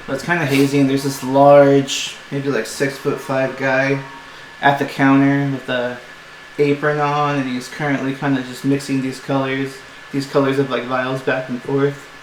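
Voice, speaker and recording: A man's voice: mid-range voice, monotone, moderate pace. A man running a tabletop game as game master, narrating in a casual, loose way with many fillers. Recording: echoey room with some noise.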